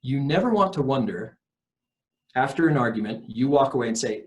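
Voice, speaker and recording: A man's voice: medium pitch, lively intonation, fairly quick. A man, a recovery coach guest on a podcast, explaining earnestly and emphatically, acting out quoted lines.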